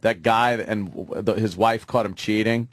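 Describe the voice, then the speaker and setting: A man's voice: on the low side, steady tone, normal speed, no echo. A man co-hosting a radio show, telling stories in loose, profane, rambling banter. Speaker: radio co-host.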